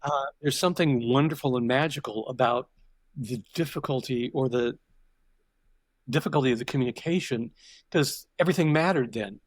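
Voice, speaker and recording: A man's voice: mid-range voice, moderate pace, dry recording. Reflective older man telling stories. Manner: reflective and digressive, with frequent restarts. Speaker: podcast guest. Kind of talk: conversational interview storytelling.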